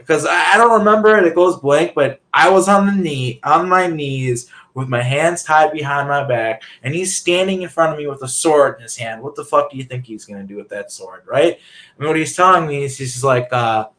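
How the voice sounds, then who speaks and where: A man's voice: on the high side, moderate pace, a bit bright. A man, a guest on a talk show, ranting angrily in a rambling way, swearing and filling his talk with "like". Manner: agitated, profane, repeats "like". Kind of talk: rambling personal rant.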